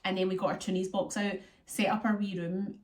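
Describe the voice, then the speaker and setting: A woman's voice: medium pitch, level tone, fairly quick, darkish tone. A young Scottish woman vlogging in casual, rambling chat to her viewers, using local slang.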